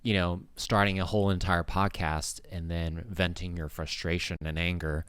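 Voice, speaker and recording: A man's voice: deep voice, level tone, moderate pace, fairly bright tone, clean tone, dry recording. A man vlogger talking in a casual, rambling monologue with many hesitations.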